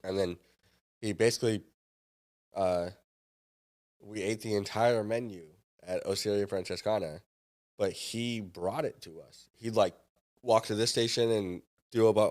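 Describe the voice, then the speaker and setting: A man in his younger adult years tells a story with plenty of drive, acting out the voices of people in it. His voice sits a little on the low side. He talks like a guest on a relaxed podcast. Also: normal speed. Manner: lively anecdote-telling, acts out others' lines. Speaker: podcast guest, startup founder and former chef. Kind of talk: animated storytelling.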